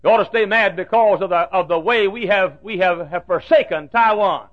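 A man preaching a fiery fundamentalist sermon, swinging from hushed asides to shouted warnings. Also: sits high, normal speed. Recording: dull lo-fi old recording.

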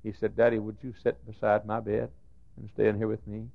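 A middle-aged preacher delivers his sermon in a lowish voice, sinking to near-whispered storytelling before bursting into shouts. The sound is muffled and lo-fi, like an old church tape recording. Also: completely flat delivery, brisk, vocal fry. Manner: swings from hushed storytelling to shouted outbursts. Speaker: pastor. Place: church sanctuary.

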